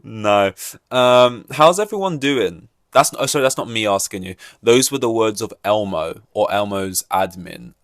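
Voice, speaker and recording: A man's voice: on the low side, no room sound, clean studio sound. Rambling man podcasting solo. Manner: rambling, jokey, acts out quoted voices. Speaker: podcast host.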